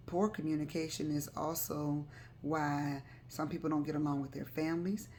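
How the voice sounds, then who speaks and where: A woman's voice: sits low, warm tone, slight background noise. A woman hosting a live stream, talking to viewers in a loose, chatty way and often repeating herself. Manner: chatty, loose, repeats words and uses fillers. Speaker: host of a live talk stream. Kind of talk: casual advice talk to viewers.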